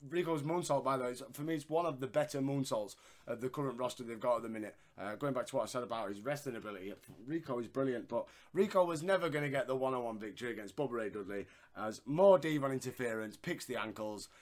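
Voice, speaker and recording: A man's voice: mid-range voice, fast talker. A man co-hosting a casual wrestling review, laughing often and swearing freely. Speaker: podcast co-host.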